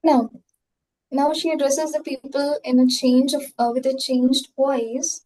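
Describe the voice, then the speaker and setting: A woman's voice: sits high, level tone, unhurried, warm tone, poor audio. Woman teaching over a video call. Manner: explains patiently, full of fillers like "um" and "like". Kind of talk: online class explanation.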